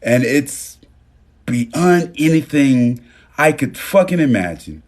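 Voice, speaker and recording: A man's voice: medium pitch, sing-song, slow, darkish tone. A man hosting a phone live stream, speaking casually and emotionally, swearing freely and thanking viewers by name. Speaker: livestream host.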